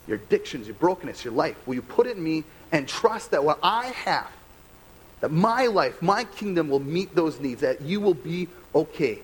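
Young american pastor guy preaching, chatty and animated, slightly high voice, faint room hum. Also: normal speed, poor audio. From United States. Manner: animated, conversational, rhetorical questions. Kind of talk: sermon.

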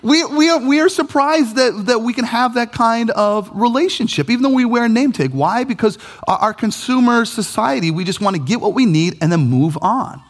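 A man, preaching a sermon as pastor in an animated, conversational way with jokey asides. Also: extremely high pitch, normal speed, few pauses.

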